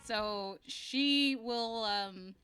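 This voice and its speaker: A woman's voice: fairly high pitch, extremely slow, sharp tone, faint music behind. Giggly woman playing a tabletop game. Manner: giggly, hesitant. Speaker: player. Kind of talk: casual tabletop game chat.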